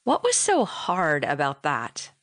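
A woman voicing a cold, mocking middle-aged husband in an audiobook, speaking calmly. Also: low voice, slow pace, no room sound, full character voice. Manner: calm, cold, taunting. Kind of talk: audiobook narration.

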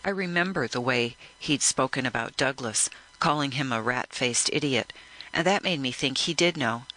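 A man narrating a first-person audiobook in a measured, reflective way. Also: mid-range voice, pushed and bright, low-quality recording.

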